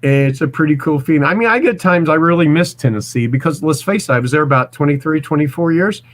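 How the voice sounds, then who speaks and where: Forties guy from missouri, bit higher voice, rambly, stops and restarts a lot. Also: expressive, quick pace. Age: 40s. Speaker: guest. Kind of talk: casual storytelling.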